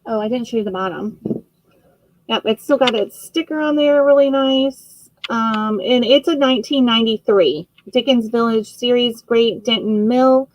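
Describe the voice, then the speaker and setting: A woman hosting a live vintage auction stream, chatting casually as she describes each item, with frequent fillers and quick self-corrections. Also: on the high side, dry recording, rough recording.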